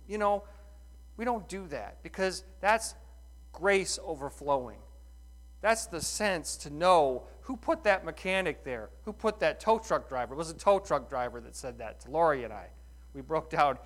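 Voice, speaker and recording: A middle-aged man preaching a sermon in a folksy, animated way, full of rhetorical questions. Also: on the high side, normal speed. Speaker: pastor.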